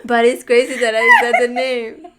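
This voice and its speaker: A woman's voice: on the high side, very noisy. A young woman co-hosting a podcast, reacting expressively in casual chat. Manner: expressive, quick reactions, laughs a lot. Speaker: podcast co-host.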